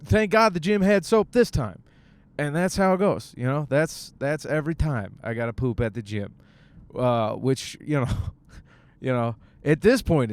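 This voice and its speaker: A man's voice: mid-range voice, a little mellow, clear, resonant tone, dry recording. Young man, michigan, comic podcast host, joking monologue, resonant voice. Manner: jokey, riffing, acts out bits. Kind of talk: casual rambling monologue. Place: car on the way to the gym.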